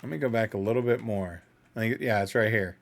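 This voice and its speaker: A man's voice: fairly low pitch, brisk, creaky. Man musing through a music reaction. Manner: thinking aloud, analytical and self-doubting. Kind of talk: casual reaction commentary.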